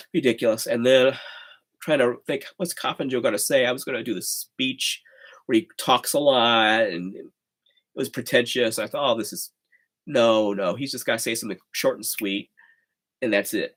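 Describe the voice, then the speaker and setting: Casting: male livestream host, mid pitch, loose rambling chat, frequent sighs and chuckles. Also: fairly bright tone. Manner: rambling, chatty, with sighs and laughs.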